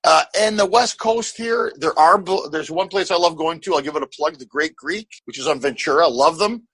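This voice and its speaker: A middle-aged man hosting a podcast, talking in an animated, rambling way with swearing and laughter. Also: fairly high pitch, fairly quick, slightly rough, dry recording, rough recording. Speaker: podcast host. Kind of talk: casual podcast conversation.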